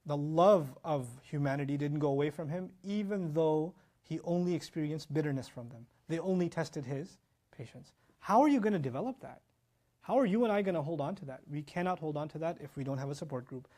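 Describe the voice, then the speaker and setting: A man giving an animated Quran lecture as an Islamic teacher, reciting Arabic verses between explanations. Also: fairly high pitch. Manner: animated, fast-talking, mixes in Arabic recitation.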